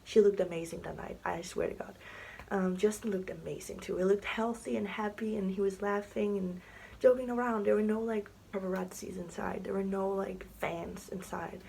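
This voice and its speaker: A woman's voice: medium pitch, steady tone, normal speed, vocal fry, dark tone, a little hiss or hum, poor audio. A young woman telling a story on her vlog in a chatty, casual way, full of fillers and often dropping into a whisper. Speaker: vlogger. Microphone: camera mic, sitting to film.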